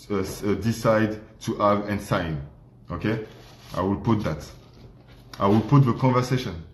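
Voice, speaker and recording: Slow, emphatic man in a roomy echo. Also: mid-range voice. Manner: emphatic, repetitive, non-native English. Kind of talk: livestream rant.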